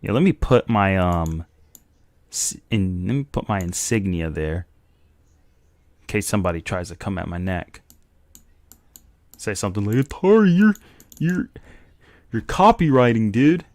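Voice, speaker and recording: A man's voice: low-pitched, moderate pace, long pauses, no room sound. A young man giving casual, joking live commentary as a streamer reacting to a video. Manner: animated and joking.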